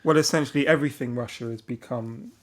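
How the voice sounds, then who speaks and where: A man co-hosting a podcast who argues his point in a measured, level way during a casual debate. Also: mid-range voice. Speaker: podcast co-host.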